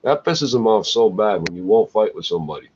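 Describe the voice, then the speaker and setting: A man's voice: fairly low pitch, lively intonation, fairly quick, darkish tone. A man, going on an agitated, profane, rambling rant. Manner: agitated, swearing, trailing "eh?". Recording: dull lo-fi recording, faint noise.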